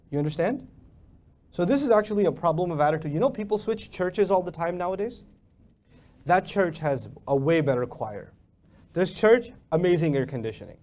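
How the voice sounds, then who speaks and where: Animated high-voiced male lecturer. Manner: animated, rhetorical questions, acts out mock dialogues. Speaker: lecturer on the Quran. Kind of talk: Islamic lecture.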